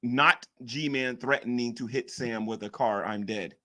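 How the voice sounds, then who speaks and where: A man's voice: medium pitch, a little slow, sharp tone. A man hosting a live stream, mocking and arguing with chat commenters in a casual rant. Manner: mocking, combative, reads chat aloud.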